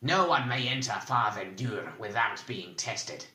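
A man's voice: fairly low pitch, measured pace, bright, forceful tone, echoey room. A man voicing a stern, cunning bald male interrogator who gives clipped, commanding orders.

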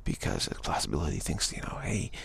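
A man giving a rambling, gentle spiritual talk, full of repeated phrases and "you know.". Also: deep voice, expressive, normal speed, vocal fry, slightly rough, no room sound. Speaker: spiritual speaker.

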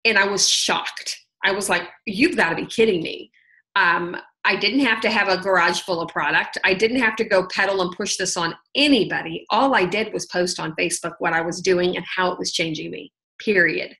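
Woman, bright voice, chatty testimony on a team call. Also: on the low side, moderate pace, creaky, few pauses, poor audio. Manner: chatty storytelling, full of "like" and "oh my gosh". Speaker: sales team leader sharing her story on a team call. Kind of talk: personal testimony on a conference call.

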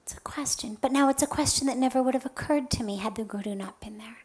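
A woman spiritual teacher telling a story in a talk. She is soft and earnest, and her voice often drops to a breathy near-whisper. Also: fairly high pitch, quick pace, low-quality recording.

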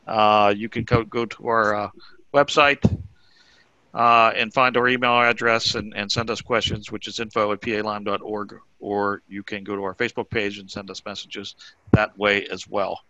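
A man's voice: fairly low pitch, flat delivery, normal speed, pushed and bright, dry recording. A man moderating a webinar, asking audience questions and making polite announcements with many hesitations. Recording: dry dull video call audio.

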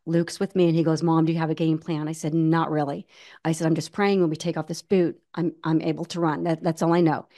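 A woman in her forties telling a personal story in a casual interview, animated, with many restarts. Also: low voice. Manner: animated, many restarts, acts out quoted voices. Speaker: guest, ultramarathon runner.

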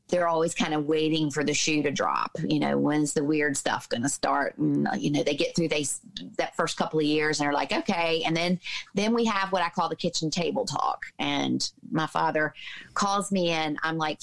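A woman in her fifties from the Southern United States, a podcast guest telling personal stories in a lively way, with many fillers. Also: low-pitched, vocal fry, rough recording. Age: 50s. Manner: lively storyteller, mimics voices in quotes, many fillers. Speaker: podcast guest, author and healer. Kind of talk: personal storytelling in a conversation.

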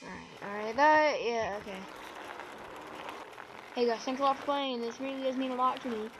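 A woman giving let's play commentary on a game, muttering to herself and breaking into excited yelps and exclamations. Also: fairly high pitch, moderate pace, lo-fi sound, over music. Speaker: gamer.

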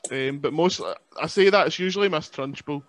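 A man's voice: fairly high pitch, a little fast, fairly bright tone, no echo, rough recording. A man, a podcast guest on a remote call, chatting in a self-deprecating way and laughing often. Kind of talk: casual podcast chat.

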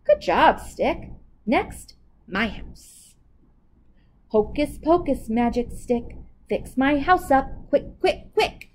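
A woman's voice: sits high, sing-song, unhurried, a little mellow, a little hiss or hum, pitched above the performer's own voice. A woman voicing a lazy, scheming male spider trickster in a storybook read-aloud, chanting spells in a sing-song way.

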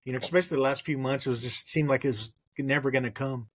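A man hosts a podcast and talks slowly through his thoughts, pausing on ums and uhs. His voice sits mid-range and is recorded dry and close, with no room sound. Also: mid-range voice, a bit bright, breathy edge, no echo. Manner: reflective, hesitant with many ums. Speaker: podcast host. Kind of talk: podcast conversation.

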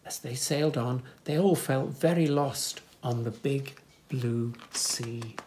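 A man reading a children's picture book aloud, gently pointing things out to young listeners in soft asides and lifting his voice for the animals' lines. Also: mid-range voice, slow pace, a little hiss or hum. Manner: lifts voice for animal speech without distinct characters. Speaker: children's story reader.

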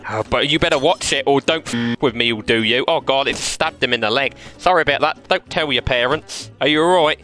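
A man's voice: medium pitch, fairly quick, hardly any pauses, pushed and bright, soft background music. A man giving mischievous, playful commentary on a VR game while he plays, laughing often. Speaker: game streamer.

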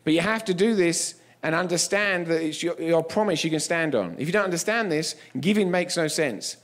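High-voiced male preacher, emphatic. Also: lively intonation, a little fast. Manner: humorous storytelling, emphatic. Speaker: guest preacher. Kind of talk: sermon.

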